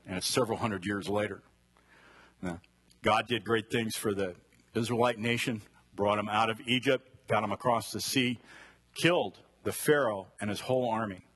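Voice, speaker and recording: Husky-voiced man preaching a Bible study. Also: on the low side, fairly bright tone. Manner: conversational, asks listeners questions.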